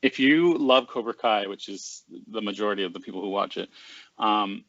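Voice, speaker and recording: A man's voice: on the low side, moderate pace, a bit bright, no room sound. A man co-hosting a casual podcast chat, laughing easily and hesitating with ums and restarts. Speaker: podcast co-host. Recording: dry, dull lo-fi home recording.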